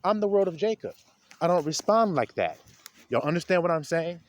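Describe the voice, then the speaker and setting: A man preaching informally to his viewers outdoors in melting snow, talking straight to them and building to a loud preaching pitch. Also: animated, fairly quick. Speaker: street preacher. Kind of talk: informal outdoor video sermon.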